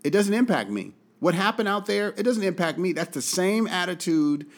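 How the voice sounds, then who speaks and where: An American man giving an impassioned commentary monologue. He talks angrily and emphatically, repeats his points for force, and swings between loud outbursts and quiet, low drops. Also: animated, normal speed. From United States. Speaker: political commentator.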